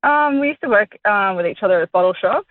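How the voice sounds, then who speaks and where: A woman's voice: medium pitch, animated, fast, no echo. An Australian woman in her thirties calling in, chatty and rambling with frequent giggles. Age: 30s. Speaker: caller. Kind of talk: casual phone-in chat. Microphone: phone call. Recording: tinny phone line.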